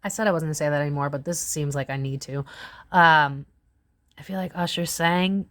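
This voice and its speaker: A woman in her thirties giving a casual psychic tarot reading, chatty and full of fillers, her pitch swinging up and down as she talks. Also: fairly quick, fairly bright tone. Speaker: tarot reader.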